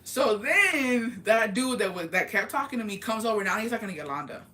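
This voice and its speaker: Fast-talking young woman telling gossip. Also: medium pitch. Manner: animated, profane, rapid storytelling. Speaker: vlogger. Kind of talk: storytime gossip vlog.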